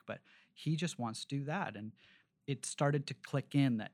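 A man's voice: mid-range voice, a little slow, a little mellow. A man in his forties, a restaurateur from Canada, telling long rambling stories in a casual interview, with plenty of fillers and restarts. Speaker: restaurateur guest.

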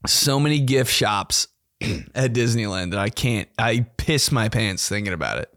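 Lively young man telling stories. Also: lowish voice, moderate pace, no room sound, clean studio sound. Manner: animated, profane, laughing, slangy. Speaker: podcast host. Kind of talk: casual storytelling monologue.

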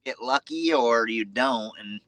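A man's voice: mid-range voice, a little slow, a bit bright, no echo. A man, a dirt bike racer talking frankly and easily as a podcast guest. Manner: easygoing, frank, casual filler words. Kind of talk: casual chat.

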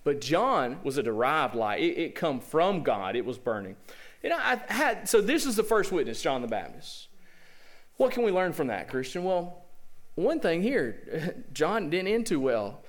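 A man's voice: a little high, big pitch swings, a little slow. A man with a Southern accent preaching a sermon as pastor, in a folksy, conversational way full of rhetorical questions.

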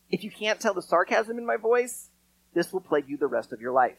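A man's voice: sits high, big pitch swings, a little fast, creaky, husky, dry recording, dull audio. A man preaching a sermon as pastor, talking to the congregation in an earnest, conversational way with touches of dry sarcasm.

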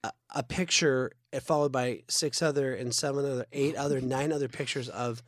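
A man hosting a church podcast, telling stories in a casual chat with lively, animated delivery and quick restarts. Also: mid-range voice, dry recording, clean studio sound. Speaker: podcast host.

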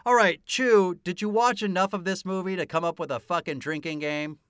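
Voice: medium pitch, a little fast, a bit bright, clear, resonant tone, no room sound, clean studio sound. A podcast co-host in casual chat about a film, enthusiastic, swearing freely and laughing often.

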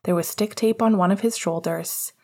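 A woman reading an audiobook in steady, measured narration. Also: mid-range voice, breathy edge. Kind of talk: scripted narration.

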